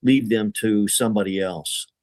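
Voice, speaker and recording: A man giving a measured, explanatory interview answer as a crime analyst. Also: on the low side, steady tone, darkish tone, no echo.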